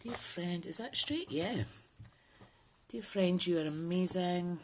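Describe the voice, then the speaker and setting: Chatty low-voiced woman crafting. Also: slow, a little hiss or hum. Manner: chatty, thinks aloud with frequent ums. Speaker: papercraft channel host. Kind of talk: casual crafting tutorial.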